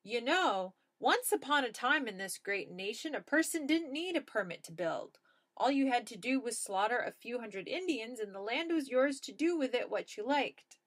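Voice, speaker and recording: A woman voicing a smooth-talking male gnome who works in public relations, answering loudly and evasively. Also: a little high, expressive, moderate pace. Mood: glib.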